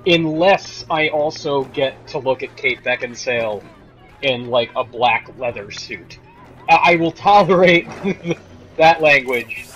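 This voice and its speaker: A man's voice: medium pitch, expressive, measured pace, a bit bright, soft background music, low-quality recording. A man casually commenting while he streams a video game, joking and chatting with viewers. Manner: joking, sarcastic, talks to chat viewers.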